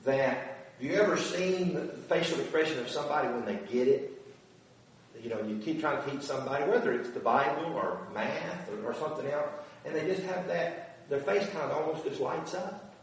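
A man's voice: a little high, normal speed. A man giving a conversational Bible lesson, earnest and full of rhetorical questions to his listeners. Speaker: Bible teacher. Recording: very echoey room from a distant mic.

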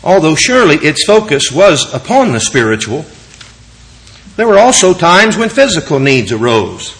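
A man preaching a sermon, reading scripture slowly with rising and falling emphasis. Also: a little high, a bit bright.

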